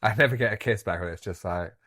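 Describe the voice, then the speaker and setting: A man's voice: lowish voice, fast, sharp tone. A male guest in casual chat at his home, telling teasing anecdotes and laughing often.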